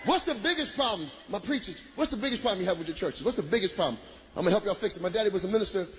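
A man doing a stand-up routine, working the crowd loudly with shouts and laughter. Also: sits high, racing, husky. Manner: loud, animated, bursts of shouting and laughter. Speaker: stand-up comedian. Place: live comedy venue. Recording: live crowd and room noise.

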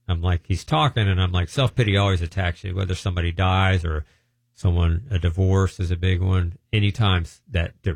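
A middle-aged minister telling a long, meandering testimony and often breaking off mid-sentence. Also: male voice, low-pitched, vocal fry, a little mellow, no echo. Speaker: deliverance minister. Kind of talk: rambling testimony storytelling.

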